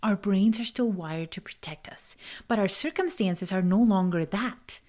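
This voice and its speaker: A woman who hosts a podcast and works as a life coach speaks in a casual monologue with a medium-pitched, unhurried, slightly mellow voice. English isn't her first language and she has a non-native accent; she laughs and sometimes drops to a whisper for emphasis.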